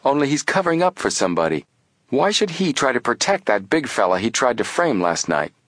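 A man's voice: medium pitch, big pitch swings, fairly quick, fairly bright tone, dry recording, pitched above the performer's own voice. A man voicing a tall, drawling male police lieutenant in an audiobook.

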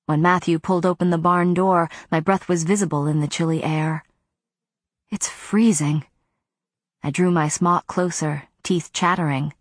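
A woman narrates a first-person novel in a measured, even voice. Her voice sits on the low side, recorded close on a studio mic. The sound is dry, with no room echo. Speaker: audiobook narrator.

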